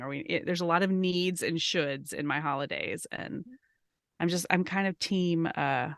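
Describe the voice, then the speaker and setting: A woman's voice: deep voice, normal speed, gravelly, no echo, clean studio sound. A woman co-hosting a podcast, talking candidly in casual chat, still coughing a little. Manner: candid, reflective, trailing off mid-thought. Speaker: podcast co-host.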